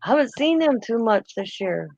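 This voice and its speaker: A woman's voice: on the high side, big pitch swings, moderate pace, a little mellow, no echo. Brief: middle-aged woman, chatty host, rambles and self-corrects; slightly dull, dry recording. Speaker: host of a crafting chat. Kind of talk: casual chat.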